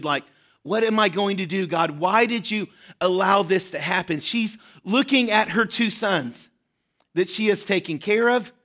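High-voiced preacher, earnest and urgent. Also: male voice, fairly bright tone. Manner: earnest, voices the widow's pleas with rising urgency; often checks in with listeners. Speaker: pastor. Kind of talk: sermon.

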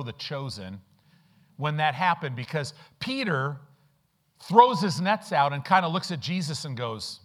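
A pastor preaching a sermon, telling stories with lively rhetorical questions and acted-out quotes. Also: male voice, a little high. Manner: animated storytelling with rhetorical questions. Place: church in the Midwest.

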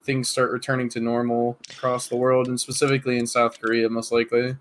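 A man's voice: medium pitch, completely flat delivery, quick pace, a little hiss or hum. A man co-hosting a casual gaming podcast, chatty and reasoning aloud with many fillers. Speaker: podcast co-host.

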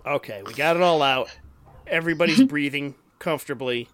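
A man's voice: fairly high pitch, brisk, slight background noise. A man hosting a casual podcast with friends, swearing freely and laughing so hard he is out of breath. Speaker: podcast host. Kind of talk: casual chat.

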